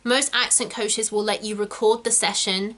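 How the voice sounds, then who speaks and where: A woman's voice: mid-range voice, steady tone, normal speed, a bit bright. A woman, an actor giving advice in a casual vlog, talking in a loose, chatty way full of "like" and "kind of".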